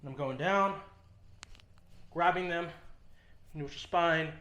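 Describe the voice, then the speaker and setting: A man's voice: on the high side, slow, bright, forceful tone, dull audio. Man coaching lifts in an echoey gym. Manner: talks while lifting, short coaching cues with frequent ums. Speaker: fitness trainer. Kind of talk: instructional demonstration. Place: gym, indoors.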